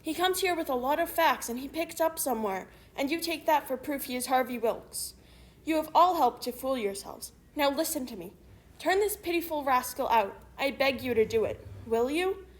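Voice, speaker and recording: A woman's voice: high voice, expressive, moderate pace. A woman voicing a blunt, accusing male town doctor in a storybook reading. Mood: angry.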